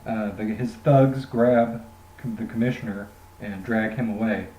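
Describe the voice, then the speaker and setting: A man's voice: fairly low pitch, steady tone, measured pace, dark tone, slight background noise. Rambling man reviewing comics, roomy echo. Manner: rambling, jokey, many fillers. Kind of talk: casual spoken review. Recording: roomy echoey room.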